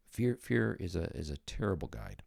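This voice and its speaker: A man's voice: deep voice, big pitch swings, moderate pace, creaky, a little mellow, dry recording, studio quality. A man giving a casual, conversational Bible lesson as a podcast host, thinking aloud and leaning on key words for emphasis. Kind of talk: casual spoken Bible teaching.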